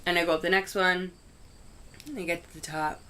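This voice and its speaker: A woman's voice: fairly low pitch, steady tone, a little fast, bright, forceful tone, clear, resonant tone. A young woman vlogger telling a story casually, filling her talk with "like" and swearing freely. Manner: chatty, heavy use of "like", frank swearing.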